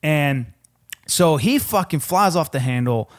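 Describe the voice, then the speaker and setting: A man's voice: a little high, expressive, a little slow. Profane, rambling young man telling stories. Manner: profane, rambling storyteller saying "dude" a lot. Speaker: podcast co-host. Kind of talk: casual chat.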